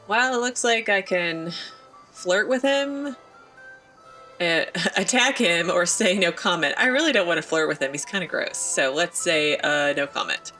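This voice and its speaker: A woman's voice: lowish voice, unhurried, sharp tone, faint music behind. A woman hosting a let's play, giving casual, chatty and playful commentary on her gameplay.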